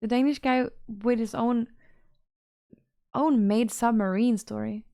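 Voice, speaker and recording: A woman talks casually on a livestream, reacting to chat messages as they come in. Her voice sits a little high. The sound is close and dry, with almost no room. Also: steady tone, unhurried, warm tone, dry recording. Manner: chatty, reacts to chat, reads messages aloud. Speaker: streamer reading chat.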